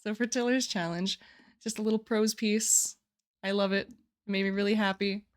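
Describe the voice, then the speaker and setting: A woman's voice: mid-range voice, steady tone, moderate pace. A young woman streaming live, chatting casually and giggling often as she walks through her writing challenge. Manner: chatty, giggly, restarts phrases.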